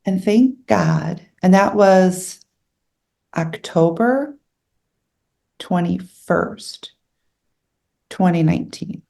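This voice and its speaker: Earnest middle-aged woman, low voice. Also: extremely slow, gravelly, pauses often, mellow. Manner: earnest, candid, emotional retelling. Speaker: interview guest. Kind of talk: personal storytelling in an interview.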